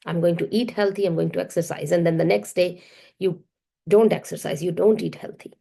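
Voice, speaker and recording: A woman's voice: fairly low pitch, fairly even intonation, a little fast, gravelly, warm tone, husky. A woman self-worth coach giving an emphatic, repetitive motivational masterclass talk.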